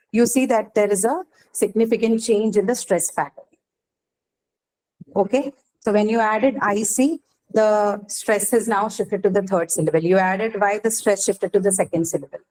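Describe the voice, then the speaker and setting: A woman's voice: mid-range voice, a little mellow, rough recording. A woman teaching an English class, explaining patiently and often checking that students follow. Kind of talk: classroom lecture.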